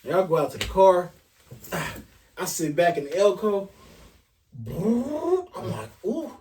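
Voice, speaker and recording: A man casually telling an animated, profane story on a podcast, acting out the dialogue as he goes. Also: sits high, normal speed, slight background noise. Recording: voice a bit far from the mic.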